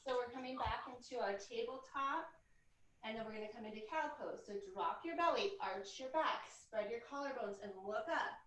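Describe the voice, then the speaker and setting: A woman with a fairly high voice leads a yoga class, talking her students through each pose with friendly encouragement. She sounds set back from the microphone in an echoey room. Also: moderate pace, recorded from a distance, a little hiss or hum. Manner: gently cueing each movement, encouraging and chatty. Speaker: yoga instructor. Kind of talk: guiding a live yoga class.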